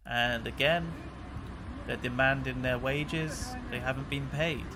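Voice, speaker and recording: A man's voice: medium pitch, fairly even intonation, slow, noisy background. A man hosting a channel, chatting casually and with exasperation as he comments on news clips. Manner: chatty and exasperated, laughs between remarks. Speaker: channel host.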